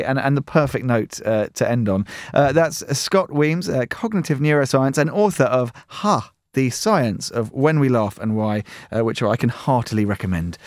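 A man's voice: medium pitch, no echo, studio quality. A man hosting a radio show, interviewing a guest and introducing music, with frequent fillers and restarts. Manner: hesitant, many fillers and restarts. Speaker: radio host. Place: radio studio. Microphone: studio mic.

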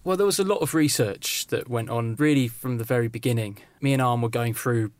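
A man with a middle-pitched voice talks as a co-writer guest, relaxed and conversational. The sound is close and dry. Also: a little fast, no room sound. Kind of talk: film interview.

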